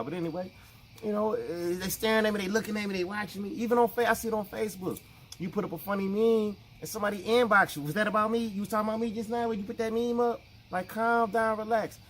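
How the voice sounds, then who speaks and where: A man's voice: fairly high pitch, slight background noise. A man with explaining things in a casual, conversational talk to camera. He often repeats himself and acts out the people he quotes. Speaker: vlogger.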